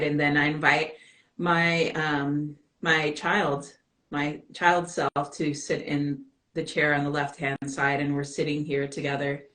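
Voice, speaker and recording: A woman guest in a casual live-stream chat, speaking calmly and reflectively. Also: sits low, rough recording.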